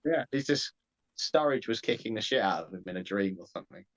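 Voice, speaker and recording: A man's voice: lowish voice, muffled recording. A man co-hosting a casual football podcast, arguing playfully and laughing often. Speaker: podcast co-host. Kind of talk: casual chat.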